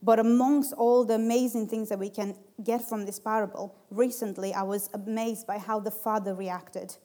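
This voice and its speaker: A woman's voice: medium pitch, steady tone, moderate pace, mellow. A young adult woman giving a personal devotional talk, chatty and self-deprecating, who laughs at herself. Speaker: preacher.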